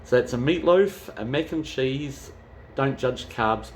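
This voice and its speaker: A man's voice: medium pitch, lively intonation, slow, slight background noise. A man chatting casually as a travel vlogger, rambling and swearing freely. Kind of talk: casual chat.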